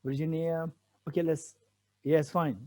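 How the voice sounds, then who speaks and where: A man's voice: a little high, level tone, measured pace, dark tone. A man giving a Buddhist teaching, explaining a text patiently. He repeats key phrases and asks rhetorical questions. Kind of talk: teaching a sutra commentary.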